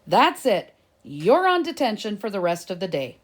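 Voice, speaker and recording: A woman reading aloud and voicing a stern, brisk female teacher handing out detention. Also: medium pitch, very animated. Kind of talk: storybook reading.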